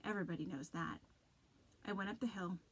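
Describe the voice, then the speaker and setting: A woman teacher giving an expressive read-aloud of a children's novel, with dramatic narration. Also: lowish voice, brisk, slight background noise, rough recording.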